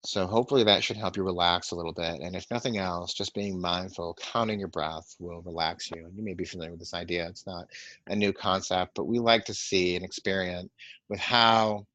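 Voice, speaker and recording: A man teaching a breathing and toning meditation, guiding listeners calmly and counting breaths slowly in a soft voice. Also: deep voice, no room sound. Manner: calm, soft-spoken guidance, counting slowly. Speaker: meditation and sound healing teacher. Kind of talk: guided breathing and toning instruction. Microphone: webinar microphone. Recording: dry, muffled webinar audio.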